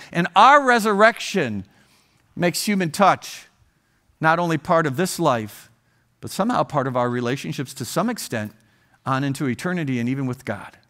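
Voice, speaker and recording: A man's voice: high voice, bright, forceful tone. A man in his sixties from Ohio, a guest speaker telling a story in a humorous sermon, with joking asides to the audience. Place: church auditorium.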